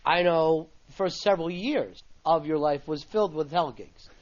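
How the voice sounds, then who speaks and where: Chatty male radio host with a higher voice. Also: normal speed. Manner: chatty, shares his own stories, laughs along. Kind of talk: interview conversation. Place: radio studio. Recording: dull satellite radio broadcast.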